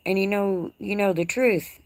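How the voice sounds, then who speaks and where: Speaking at normal speed in a mid-range voice with no echo, a Texas-accented livestream host chats from her outdoor porch to the sound of crickets. She teases viewers in a folksy way as she reads their comments, laughing often.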